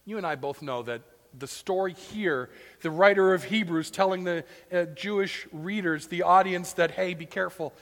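A male pastor preaching with a high, gravelly voice that carries a long reverb from a church hall. He swings between strong emphasis and soft, nearly whispered lines, and slips into complaining voices to act out scenes. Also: moderate pace. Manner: dynamic, shifting from loud emphasis to hushed near-whispers. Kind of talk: sermon.

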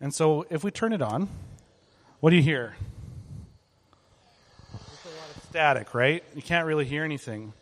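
A man's voice: fairly high pitch, animated, normal speed, long pauses, big-room sound. A man leading children through an interactive object lesson, talking in an upbeat, conversational way and calling for group responses. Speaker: children's ministry leader.

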